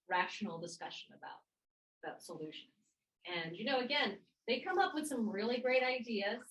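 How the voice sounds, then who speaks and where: Lively woman teacher, off-mic. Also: lowish voice, far from the mic, poor audio. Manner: lively, quotes kids in animated voices, laughs often. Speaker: kindergarten teacher presenter. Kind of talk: casual talk at a professional workshop.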